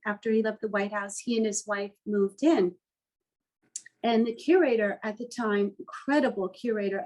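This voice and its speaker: Heartfelt, higher-voiced woman artist. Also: low-quality recording. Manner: heartfelt and earnest, openly emotional. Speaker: artist being interviewed. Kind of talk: reflective storytelling in an interview.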